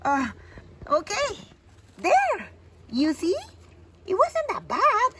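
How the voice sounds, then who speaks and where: A woman voicing toddler dolls in a playful toy play video, with exaggerated gasps and cries, cooing gently to toy animals. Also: very high voice, huge pitch swings, very slow, very noisy. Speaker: doll play narrator.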